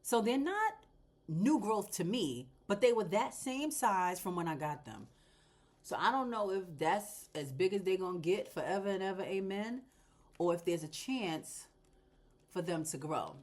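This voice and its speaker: A woman's voice: medium pitch, measured pace. A woman hosting a casual plant vlog at home, chatting away while she repots, laughing and talking straight to her viewers. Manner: animated and talkative, laughs and addresses viewers directly. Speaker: plant vlogger, channel host.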